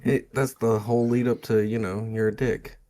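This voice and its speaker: A man's voice: mid-range voice, level tone, moderate pace, mellow. A man on a casual comedy podcast panel, laid-back and joking.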